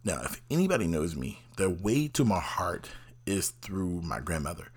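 A man's voice: low voice, very animated, normal speed, husky. A man hosting a casual motivational talk, rambling conversationally and acting out little quoted exchanges. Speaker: host.

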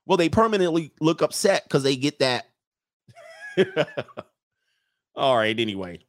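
Guy roasting pics in aave, slangy and mocking, mid pitch, dry close mic. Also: sing-song, brisk, dry recording. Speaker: commentator reacting to photos. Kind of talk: casual on-screen commentary.

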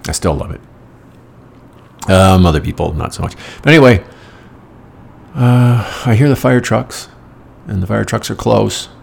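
Gravelly deep-voiced man telling stories. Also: unhurried, long pauses. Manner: rambling, wry and profane. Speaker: storyteller. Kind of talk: casual anecdotal monologue.

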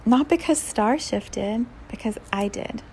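A woman giving a spiritual talk to listeners, speaking softly and unhurriedly, often laughing and sometimes dropping to a whisper. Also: a little high, unhurried, a little hiss or hum. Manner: drops to a whisper at times. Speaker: spiritual teacher.

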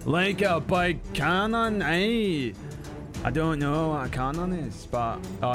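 Laid-back guy running a tabletop game, slow talker, fairly high voice, music going behind. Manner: relaxed, easygoing narration with frequent fillers. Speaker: game master.

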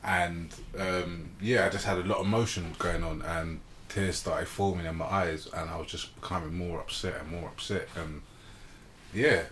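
Low-voiced man with a bright tone, hosting a relaxed chat. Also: moderate pace, a little hiss or hum. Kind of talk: casual podcast chat.

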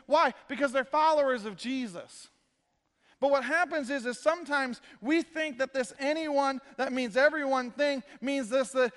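High-voiced joking pastor in reverb. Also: male voice, a bit bright. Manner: joking, conversational preaching with quoted asides. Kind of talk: casual sermon. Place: church sanctuary.

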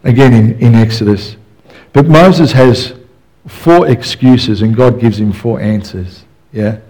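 A man's voice: mid-range voice, slow pace, darkish tone, low-quality recording. A man preaching a sermon in a casual, joking storyteller's way, full of "you know" asides. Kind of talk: conversational sermon.

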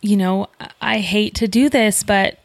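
A woman's voice: mid-range voice, steady tone, unhurried, creaky, no echo. A woman, chatting casually as co-host and acting out quoted dialogue while telling a story. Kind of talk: casual chat.

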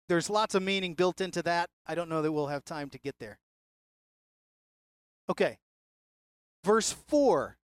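A Bible teacher talks a class through a passage in an easy, conversational way. The voice sits at a middle pitch and keeps pulling listeners in with rhetorical questions. The recording is dry, with little room sound. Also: smooth, no echo.

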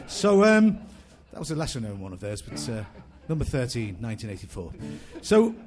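A man doing dry, hesitant stand-up on a club stage, full of uhs and deadpan asides. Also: mid-range voice, moderate pace, music in the background. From Liverpool, England. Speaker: comedian and musician. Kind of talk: live stand-up comedy.

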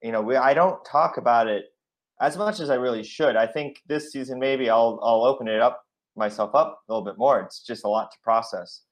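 Guy on a comedy podcast, deadpan and fake-solemn, middle pitch. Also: brisk. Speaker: podcast co-host.

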